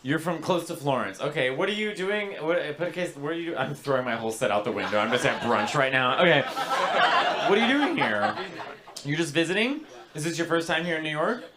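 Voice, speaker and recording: A man doing stand-up crowd work, teasing audience members in a campy, animated way on a comedy club stage. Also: a little high, fairly quick. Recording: loud audience laughter throughout.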